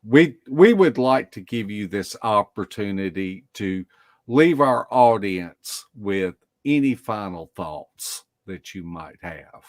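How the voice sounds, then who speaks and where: Co-host guy, talks real slow and polite, dry close sound. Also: fairly low pitch, lively intonation, no room sound. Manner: slow, courteous, formal thanks. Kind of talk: livestream chat.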